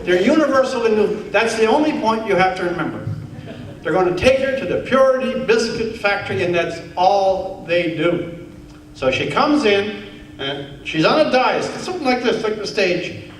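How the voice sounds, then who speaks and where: High-voiced man in echoey hall. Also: moderate pace. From Newfoundland, Canada. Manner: animated, wry, building to earnest rhetoric. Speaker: keynote speaker. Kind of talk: humorous storytelling speech. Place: large conference hall. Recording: echoey hall, heard from far off.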